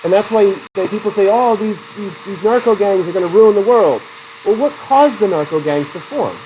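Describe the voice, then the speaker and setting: A man's voice: sits high, animated, moderate pace, dark tone, a little hiss or hum, poor audio. Chatty male psychology teacher. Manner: chatty, digressive, poses questions to the class; laughs often between points. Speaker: psychology instructor. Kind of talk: classroom lecture.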